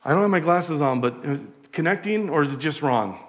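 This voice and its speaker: High-voiced man preaching conversationally. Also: lively intonation, brisk. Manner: conversational preaching with rhetorical questions. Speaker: pastor. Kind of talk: sermon.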